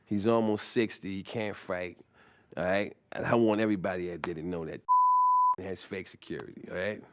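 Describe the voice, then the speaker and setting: A man telling a comic anecdote in a rambling, profane way, full of restarts and asides. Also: lowish voice. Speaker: comic storyteller.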